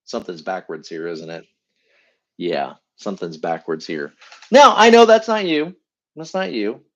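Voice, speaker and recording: A middle-aged man giving a live teaching talk as a coach, animated and acting out what people say in a higher voice. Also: a little slow, lo-fi sound. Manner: animated, acts out quoted voices in a higher pitch. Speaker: enneagram coach.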